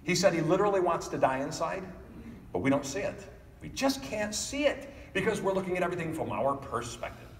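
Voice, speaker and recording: A middle-aged man giving a motivational keynote speech, animated, acting out family members in quick voices. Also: on the high side, a little hiss or hum. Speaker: keynote speaker. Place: large hall. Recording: echoey hall from far off.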